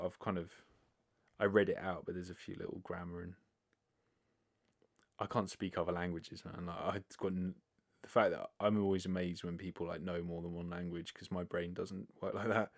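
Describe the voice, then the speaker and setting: A British man hosting a casual solo podcast, answering listener questions in a rambling, self-deprecating way with lots of fillers and casual swearing. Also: low-pitched. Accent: British English. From Britain. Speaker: podcast host.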